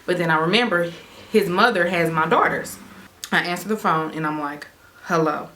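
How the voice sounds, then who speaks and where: A young woman vlogger telling a personal story in an animated, emphatic way, often repeating phrases. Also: fairly low pitch, moderate pace, a little hiss or hum. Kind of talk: storytime vlog, casual storytelling.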